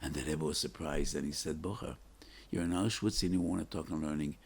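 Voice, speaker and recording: An older man, a rabbi, giving a fervent Torah talk full of stories, with sudden emphatic rises and dramatic pauses. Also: rumbling low, steady tone, creaky, a little mellow, slightly rough.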